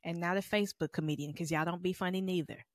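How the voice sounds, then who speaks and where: A woman's voice: on the low side, steady tone, fast, dry recording, studio quality. A young adult woman co-hosting a podcast, frank and joking in casual chat. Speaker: podcast co-host.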